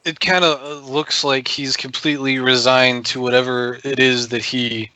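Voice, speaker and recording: A man playing a tabletop game, speaking haltingly and thoughtfully. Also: medium pitch, little pitch movement, bright, forceful tone, no echo, low-quality recording. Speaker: player.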